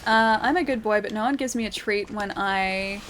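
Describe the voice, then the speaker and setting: A woman's voice: mid-range voice, normal speed, fairly bright tone, a little hiss or hum. A young Australian woman with a city accent, chatting casually and giggling while she streams a game and reads her chat aloud. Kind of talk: casual livestream commentary. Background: game music.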